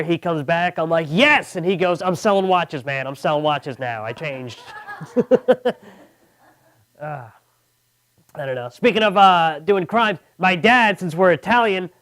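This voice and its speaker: A man performing a stand-up comedy set, self-deprecating and acting out the voices of people in his jokes. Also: fairly high pitch. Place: comedy show studio with audience.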